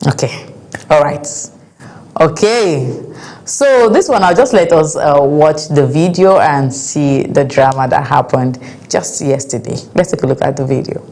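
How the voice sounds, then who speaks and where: Woman ranting through the news, low-ish mellow voice, keeps repeating herself. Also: expressive, a little slow. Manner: emphatic, exasperated, repeats points. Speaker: news commentary host. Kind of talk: casual commentary on news and viewer comments.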